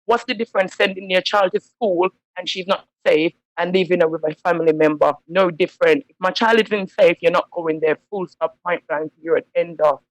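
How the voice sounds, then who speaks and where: A woman's voice: on the low side, steady tone, fairly quick, hardly any pauses, no room sound, low-quality recording. Heated woman caller. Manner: emphatic, heated, slangy. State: upset. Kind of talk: impassioned phone-in rant.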